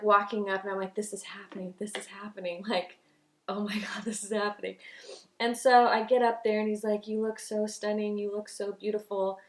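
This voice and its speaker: A woman's voice: mid-range voice, roomy sound. Gushing young woman beauty vlogger. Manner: gushing, chatty, many "like" and "um" fillers. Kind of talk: get-ready-with-me chat.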